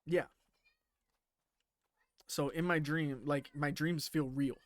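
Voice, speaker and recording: A man's voice: on the high side, fairly even intonation, slow pace, long pauses, dry recording. A man streaming a game and chatting casually, rambling with lots of fillers and casual swearing. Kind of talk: casual chat while playing a game.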